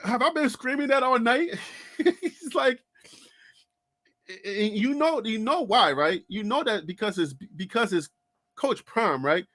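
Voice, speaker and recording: Animated high-voiced man chatting to viewers. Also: measured pace, long pauses. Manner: animated, laughing, talks to viewers by name. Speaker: sports channel host. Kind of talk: casual live-stream chat.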